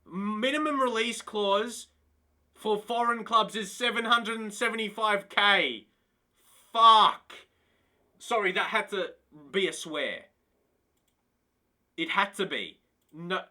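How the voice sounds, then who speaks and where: A man streams a football management game and talks straight to his chat, excitable and quick to burst into disbelief. His voice sits high and sounds very bright and forward. He speaks at an unhurried pace. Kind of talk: casual live-stream commentary.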